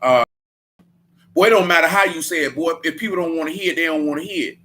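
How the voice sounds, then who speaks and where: A man's voice: a little high, fast talker, sharp tone, slight background noise. A man leading a Bible study in a casual preaching style, blunt and emphatic, with a lot of slang.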